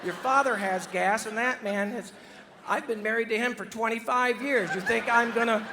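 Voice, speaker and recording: A man's voice: very high voice, moderate pace, background noise. A man doing a scatterbrained rambling mom. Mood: indignant. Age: middle-aged. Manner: scatterbrained, digressive, loses the thread. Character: rambling middle-aged mother telling a joke. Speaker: comedian.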